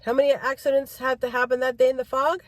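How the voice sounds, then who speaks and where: A woman's voice: sits high, little pitch movement, quick pace. A middle-aged woman vlogger in a car, giving a rambling driving-safety rant and repeating herself for emphasis.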